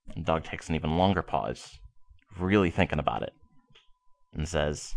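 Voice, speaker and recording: A man's voice: very deep voice, lively intonation, normal speed. A man telling a long bar joke, acting out the lines of each person in it. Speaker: joke teller. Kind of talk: storytelling a joke.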